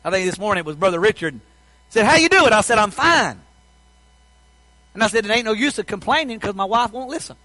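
A man preaching a sermon in a folksy storytelling way, swinging between loud passages and hushed ones. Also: sits high, expressive, a little fast, long pauses, no room sound, rough recording.

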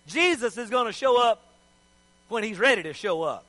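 A man's voice: high voice, animated, normal speed, sharp tone, no echo. A man preaching a sermon, telling the story in a folksy, joking way.

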